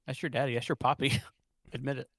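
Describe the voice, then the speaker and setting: A man's voice: mid-range voice, flat delivery, fairly bright tone, no room sound, studio quality. Joking, rambling male podcast co-host. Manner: joking, rambling, quick to laugh. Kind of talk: casual chat.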